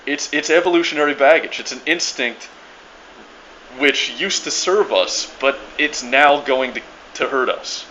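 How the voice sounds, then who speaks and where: Man, bright forceful voice, profane rambling rant, stammers and restarts, dull muffled lo-fi sound. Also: mid-range voice, a little slow, a little hiss or hum. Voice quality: restless, many restarts and stammered repeats. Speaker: video blogger ranting to viewers.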